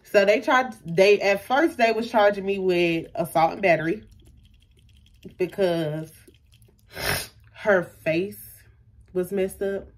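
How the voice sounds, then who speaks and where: A young adult woman vlogger tells a personal story in a relaxed, chatty way, packing it with fillers and acting out what people said. Her voice is medium in pitch, and she speaks slowly with long pauses.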